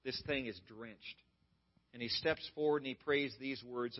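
A man preaching a sermon as a pastor, retelling a story dramatically and swinging from loud to hushed. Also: mid-range voice, unhurried, muffled recording.

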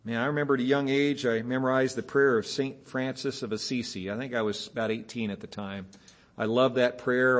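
A man's voice: mid-range voice, a little fast. A man preaching a sermon as a pastor, speaking emphatically and asking his listeners rhetorical questions. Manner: mimics dull repeated phrases in a flat, weary tone.

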